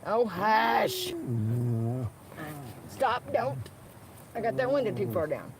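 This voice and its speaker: A woman's voice: on the high side, very animated, moderate pace, a crowd in the background. A woman livestreaming from inside her car, ranting angrily and with lots of swearing at the people she is talking about. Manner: angry, profane ranting with repeated phrases. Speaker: livestreamer chatting with viewers. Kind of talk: unscripted livestream rant. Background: faint background noise, dogs nearby.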